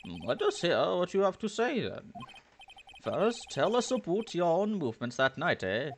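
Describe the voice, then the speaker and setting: A man voicing a stern, formal male prosecutor who asks crisp, probing questions. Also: high-pitched, big pitch swings, normal speed, a little hiss or hum, pitched above the performer's own voice.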